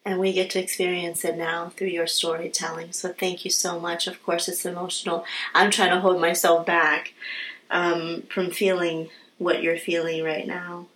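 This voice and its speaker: Female interview host, low and even, warmly affirming the guest. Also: moderate pace, poor audio. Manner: encouraging, affirming.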